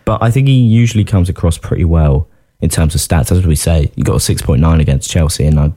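A man's voice: extremely low pitch, fast talker, mellow, slightly rough. A man co-hosting a casual football podcast, chatty and self-deprecating, often laughing. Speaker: podcast co-host.

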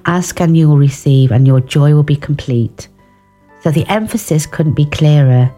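A woman's voice: deep voice, normal speed, mellow, faint music behind. A woman giving an informal devotional talk on prayer, earnest and personal, with restarts and asides. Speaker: devotional speaker.

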